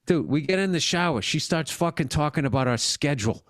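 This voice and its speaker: A man's voice: on the high side, animated, fairly quick, a bit bright, no echo, clean studio sound. A middle-aged man co-hosting a podcast in casual comedic chat, ranting profanely and mimicking people in exaggerated voices. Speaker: podcast co-host.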